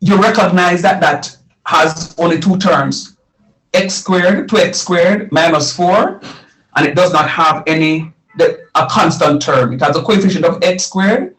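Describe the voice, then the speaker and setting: A man's voice: a little high, a little slow, a bit bright, faint music behind, poor audio. A middle-aged man teaching a live math lesson, repeating phrases and quizzing his students as he explains.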